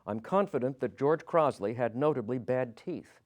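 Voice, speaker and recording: A man with a mid-range voice and lively intonation narrates a history podcast at a moderate pace. Quoted dialogue gets small tonal shifts from him, and he sometimes trips over a word and corrects it.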